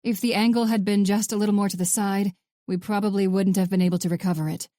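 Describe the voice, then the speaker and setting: A woman's voice: mid-range voice, fairly even intonation, fast talker, mellow, no room sound, lightly acted. A woman voicing a chatty, wisecracking female ballistics expert. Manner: joking, chatty.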